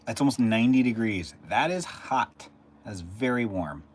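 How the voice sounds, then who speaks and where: A deep-voiced man rambles on his live stream, chatting loosely and answering viewers in chat. He speaks casually from a room at home, with faint hiss behind him. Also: animated, moderate pace.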